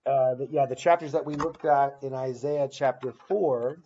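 Recorded on a battery-powered device, the sound is muffled as a man teaches an unscripted church Bible class. His mid-range voice is steady, dark and husky at a normal speed, and he restarts phrases while emphatically reading scripture aloud.

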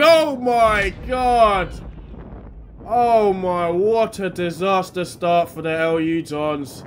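A man from England, a bit under the weather, doing excitable live commentary on an amateur football match outdoors. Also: mid-range voice, slight background noise. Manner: excitable, shouting at chances, then quiet and matter-of-fact. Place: outdoors at a grassroots pitch.

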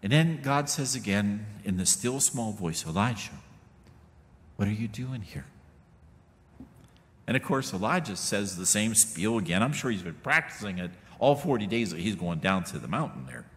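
A middle-aged pastor delivers a sermon in a church sanctuary, speaking casually and folksily with frequent asides to the congregation. His voice sits on the low side and sounds animated and fairly bright, at a moderate pace with few pauses. The recording carries the long reverb of a church hall.

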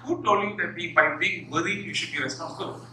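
A professor talks to an audience, his high voice very bright and cutting. He tells funny stories and acts out little scenes as he goes. The sound is distant and echoey, as in a large hall. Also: normal speed, a little hiss or hum. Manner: animated, humorous storytelling, acts out little scenes. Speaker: professor giving a public talk. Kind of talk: motivational talk. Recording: echoey hall, far from the mic.

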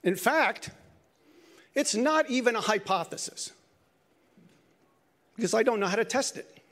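A man's voice: very high-pitched, animated, measured pace, a bit bright. An older man giving a short conference talk, speaking in an earnest, reflective way and now and then correcting himself mid-phrase. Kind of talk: lightning talk.

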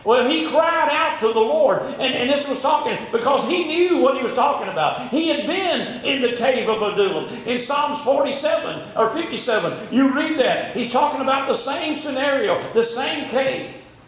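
A man's voice: extremely high pitch, animated, moderate pace, few pauses, a bit bright. An older man preaching a sermon, telling a story fervently with repeated words. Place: church sanctuary. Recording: very echoey church, faint background noise.

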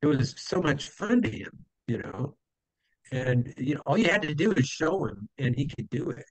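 A man's voice: mid-range voice, sing-song, moderate pace, no room sound, poor audio. A man telling old stories as an interview guest, rambling with many fillers and acting out the people he quotes. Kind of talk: casual storytelling.

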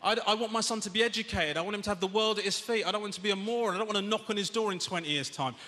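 A British man doing a stand-up routine, exasperated and ranting, his voice rising to shouts. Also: high-pitched, rapid-fire. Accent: British English. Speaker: stand-up comedian. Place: large theatre stage with audience laughter. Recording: echoey theatre hall, audience noise.

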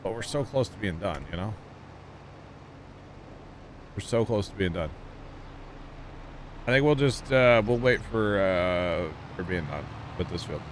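A man's voice: on the low side, animated, a little slow, long pauses, background noise. A man with a Midwestern accent streaming a game, chatting casually with his viewers in a rambling way full of fillers. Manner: rambling, chatty, talks to chat with many fillers. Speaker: gaming streamer. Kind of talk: casual livestream chat while playing.

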